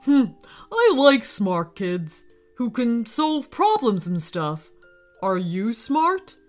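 A woman voicing a huge, calm male gorilla who speaks slowly and a little aloofly in a children's story. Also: a little high, soft background music. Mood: calm, curious.

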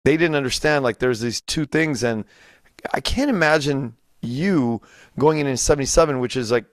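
Male host, average pitch, halting delivery, dry close-miked sound. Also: dry recording. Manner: halting, restarts phrases. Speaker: podcast host. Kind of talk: interview questions.

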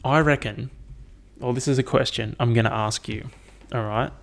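A man's voice: medium pitch, steady tone, moderate pace, creaky. A young man hosting a casual solo podcast, rambling and swearing with lots of fillers. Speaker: podcast host.

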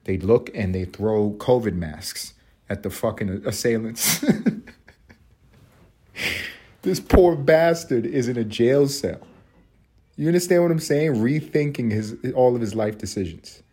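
A young man holds forth alone on his podcast, swearing freely and breaking into laughter as he mocks. His voice sits on the low side and has a husky grain. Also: mellow. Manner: profane, mocking, laughs often. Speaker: podcast host. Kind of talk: ranting commentary monologue.

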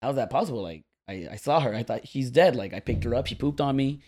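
A man telling a long, rambling story to friends on a podcast, animated and laughing as he goes. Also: medium pitch, quick pace. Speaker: podcast co-host. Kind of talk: casual storytelling among friends.

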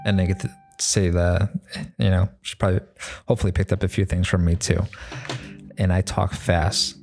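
A man's voice: low-pitched, little pitch movement, normal speed, darkish tone, soft background music. A man, a mechanic, talking in a loose, rambling monologue full of fillers and restarts, swearing now and then. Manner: laid-back, swears casually. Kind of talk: casual monologue.

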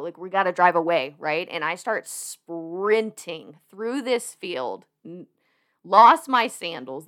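Young woman on a podcast, chatty, lively up-and-down voice, laughs a lot, says like constantly. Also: medium pitch. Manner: animated, laughing, lots of fillers. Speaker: podcast guest. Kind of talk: casual storytelling.

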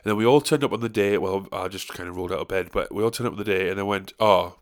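A young man hosts his own podcast, rambling and swearing as he talks things through. He sounds worn out and pokes fun at himself, and his voice sits fairly low. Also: rapid-fire. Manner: rambling, sweary, self-deprecating. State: tired. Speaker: podcast host. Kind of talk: casual solo podcast chat.

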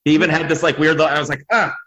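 A man guest on a podcast, chatting casually and ranting in an animated, profane way. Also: a little high, very fast, low-quality recording. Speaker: podcast guest, comedy writer. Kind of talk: casual chat.

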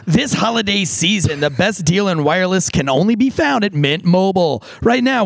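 A middle-aged man with a somewhat high, gravelly voice talks loosely on a podcast. He swears freely and wanders off into quick asides. His voice is close and dry, with no room sound. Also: no room sound. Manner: profane, rambling, quick asides. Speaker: podcast host. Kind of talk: casual podcast chat with a host-read ad.

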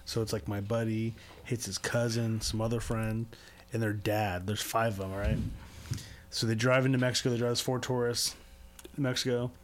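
A man's voice: fairly low pitch, flat delivery, moderate pace. Man, casual podcast co-host, rambling storyteller, crude, lots of fillers.

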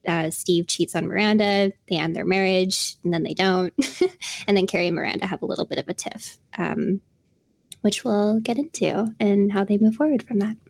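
A woman's voice: medium pitch, moderate pace, creaky, a little mellow, no echo. A young woman co-hosting a podcast, chatting casually with frequent laughs and fillers. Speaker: podcast co-host.

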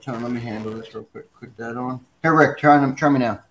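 A man's voice: mid-range voice, fairly quick, a crowd in the background. A man co-hosting a sports talk show, speaking conversationally and putting long questions to his guests. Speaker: fill-in sports radio co-host.

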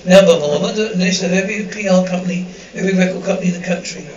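A woman's voice: lowish voice, racing, darkish tone, natural voice. Woman as a gushing middle-aged fashion PR woman, sitcom, distant, dull muffled sound. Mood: bossy. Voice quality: gushing, peppers everything with darling and sweetie. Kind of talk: sitcom acting. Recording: roomy distant dull TV audio.

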